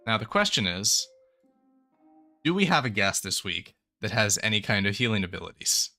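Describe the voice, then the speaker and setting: Bright-voiced man running a game. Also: lowish voice, big pitch swings, moderate pace, soft background music. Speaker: game master. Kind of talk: narrating a tabletop game.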